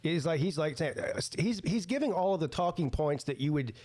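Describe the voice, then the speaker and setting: A man's voice: a little high, animated, a little fast, darkish tone, no echo. A man hosting a podcast, cracking blunt, mocking jokes while a speech clip plays. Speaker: podcast host. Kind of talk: sarcastic commentary over a played clip.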